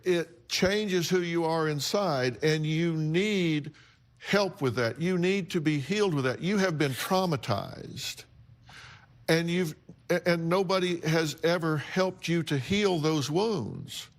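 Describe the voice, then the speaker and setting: A man's voice: a little high, slow. Blunt, emphatic older male talk show host. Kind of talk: confrontational talk show counseling.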